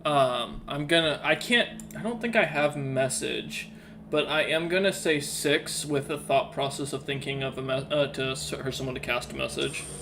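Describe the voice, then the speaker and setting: A man at a tabletop game with a bright, clear voice. He talks casually and loosely, swears freely and is quick to laugh between his moves. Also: medium pitch, a little hiss or hum. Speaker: player.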